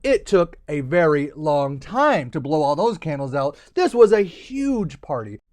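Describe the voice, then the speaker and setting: A man tells a children's story in a playful, animated way. His voice is high and swoops up and down. The recording is dry and close. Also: measured pace, no echo.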